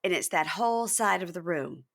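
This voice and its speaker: A woman's voice: normal speed, vocal fry. A woman hosting a podcast, recapping a reality show in casual chat and acting out quotes with big jumps in her voice. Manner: animated, acts out quotes with big pitch jumps. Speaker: podcast host.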